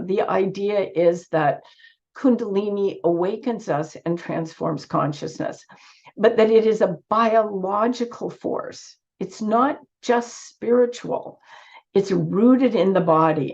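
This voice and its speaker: A woman giving an earnest online talk with slides, her voice squeaky from a cold and her phrasing full of restarts. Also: darkish tone. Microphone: video call. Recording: dull lo-fi video call audio.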